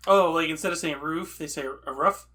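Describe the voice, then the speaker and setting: A man's voice: fairly high pitch, a little fast, bright, forceful tone. A man co-hosting a casual gaming podcast, dry and teasing as he chats with friends. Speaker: podcast co-host. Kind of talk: casual chat.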